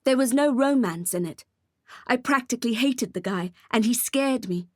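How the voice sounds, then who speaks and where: A woman's voice: fairly high pitch, expressive, normal speed, dry recording. Dry, intense woman audiobook narrator. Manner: intense, emotional delivery. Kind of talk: first-person audiobook narration.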